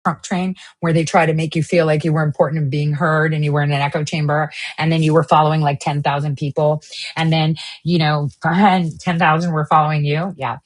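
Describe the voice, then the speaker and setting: A woman hosting an online news stream, ranting angrily and with lots of profanity, swinging between sharp outbursts and low mutters. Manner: profane, heated, jumps between shouting and muttering. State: extremely angry. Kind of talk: angry livestream rant.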